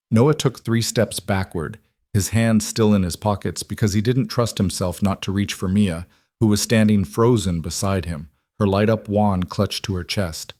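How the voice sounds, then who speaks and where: A man narrating a dramatic story in a steady, scripted manner. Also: lowish voice, moderate pace, dry recording, studio quality.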